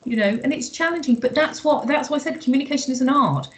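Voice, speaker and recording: A woman's voice: sits high, fast, poor audio. A woman leading an online workshop, chatty and emphatic, with lots of "you know" fillers. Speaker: workshop trainer.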